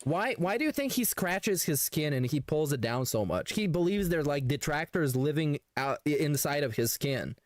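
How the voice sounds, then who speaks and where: A male co-host mocking what he watches in casual, profane commentary. His pitch is a bit high and swings in a lively way. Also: moderate pace, hardly any pauses, no echo, clean studio sound. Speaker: co-host reacting to a stream.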